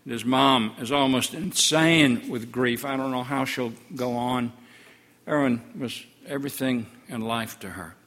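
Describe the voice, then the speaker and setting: An older man preaching in the first person as an awestruck twelve-year-old village boy, earnest, his voice sinking low in the sorrowful parts. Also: a little slow, fairly bright tone, in a large hall. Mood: grieving, awed. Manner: earnest storytelling, voice drops low in sorrowful passages. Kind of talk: first-person story sermon.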